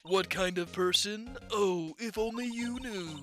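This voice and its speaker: A man's voice: sits high, unhurried, bright, forceful tone, slight background noise. A man voicing a grumpy, nagging old woman who guards a studio gate, reading a game aloud. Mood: gossiping. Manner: nagging, scolding, rambling.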